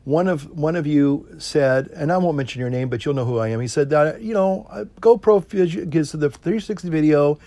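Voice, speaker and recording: A middle-aged man, a priest, chatting casually to camera in a relaxed, rambling way, chuckling often and pausing to puff on his pipe. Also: on the high side. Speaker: priest and pipe-smoking video host.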